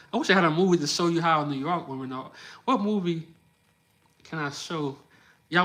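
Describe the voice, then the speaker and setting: Man, Midwestern, livestream host, casual slangy chat, fairly high voice, laughs a lot. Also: a bit bright.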